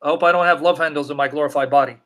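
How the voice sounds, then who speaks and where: A man's voice: on the high side, steady tone, a bit bright. A man teaching the Bible on a live Q&A stream, reading scripture aloud and answering viewer comments, emphatic and repeating his questions to drive each point home. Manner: reads scripture aloud in a slow, deliberate cadence.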